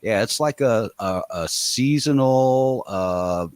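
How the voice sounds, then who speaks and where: A man chatting casually on a stream, relaxed, often ending sentences with "man". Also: mid-range voice, takes it slowly. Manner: relaxed, says "man" a lot. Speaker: guest. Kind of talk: casual chat.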